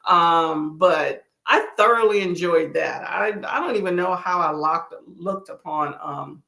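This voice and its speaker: A woman's voice: lowish voice, unhurried, gravelly, sharp tone, roomy sound. A woman from Texas with a Texan accent, hosting a casual livestream, chatting folksily and reading out viewers' messages. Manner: chatty, folksy, says y'all, reads chat aloud. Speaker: livestream host. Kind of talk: casual chat with live chat readers.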